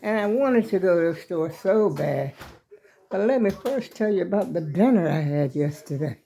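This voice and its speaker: A woman's voice: on the low side, lively intonation, normal speed, creaky, mellow, slight background noise. An older woman vlogging casually from her home, chatty and folksy, a little out of breath as she calls her viewers y'all.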